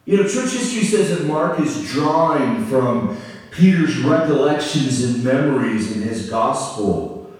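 A man preaching a sermon, telling the story in an animated way and acting out the voices of the people in it. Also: mid-range voice, unhurried. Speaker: pastor. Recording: echoey hall from far off.

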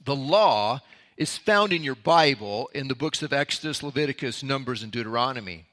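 A pastor opens a conversational, sermon-style Bible teaching with a story from his own life. His medium-pitched voice has lively intonation and a fairly bright tone at a moderate pace.

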